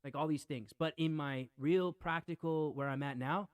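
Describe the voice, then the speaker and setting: A man's voice: a little high, fairly even intonation, moderate pace, smooth, dry recording. A man in casual podcast talk, rambling and emphatic, who keeps repeating himself and comes across earnest and brooding.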